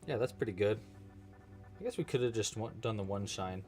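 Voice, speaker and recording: A man's voice: on the low side, animated, fairly quick, a little mellow, faint music behind. A man hosting a live crochet-along, chatting casually and joking while he thinks aloud about his work. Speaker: livestream crochet host.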